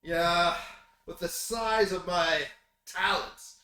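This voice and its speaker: A man voicing a smarmy, glad-handing male radio pundit who talks loudly and gushes. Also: high-pitched, slow, full character voice. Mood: gushing. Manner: loud, gushing, backslapping. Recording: roomy, distant mic, faint noise.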